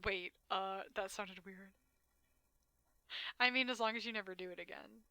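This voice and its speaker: A woman's voice: mid-range voice, moderate pace, sharp tone, no room sound. A woman streamer reading a dating game aloud, dramatic narration broken by blunt, swearing asides.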